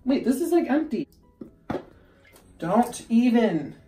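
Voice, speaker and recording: A man's voice: extremely high pitch, sing-song, takes it slowly, dark tone, roomy sound, faint music behind. A young man chatting casually in a vlog, giggly and prone to yelps, recorded in a home bathroom. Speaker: vlogger.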